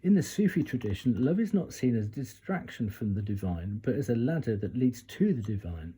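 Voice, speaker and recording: Man, tarot reader, very husky breathy voice, chatty asides, restarts lines, casual guidebook reading. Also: medium pitch, big pitch swings, a little fast, warm tone.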